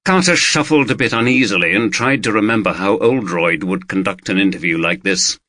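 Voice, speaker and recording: A man reading an audiobook in steady scripted narration into a studio microphone. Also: lowish voice, fairly quick, dry recording. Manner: steady, even storytelling.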